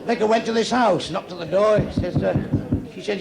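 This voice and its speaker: A man's voice: sits high, brisk, vocal fry, crowd noise, poor audio. A man telling crude, swearing-heavy stand-up jokes to a club audience, recorded live. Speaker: stand-up comedian.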